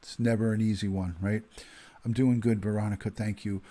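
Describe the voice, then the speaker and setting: A man's voice: on the low side, flat delivery, brisk, mellow. A man in his fifties, a retired detective hosting a casual livestream, chatting with viewers and greeting them by name with plenty of ums and uhs. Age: 50s.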